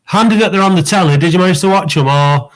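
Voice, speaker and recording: A man's voice: high voice, quick pace, rough recording. A man co-hosting a football fan phone-in, pressing his points emphatically. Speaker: co-host.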